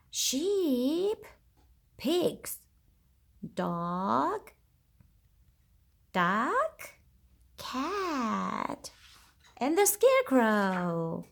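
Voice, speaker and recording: A woman English teacher reading a picture book to young children, slow and sing-song, with animal sounds and songs. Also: a little high. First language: Turkish.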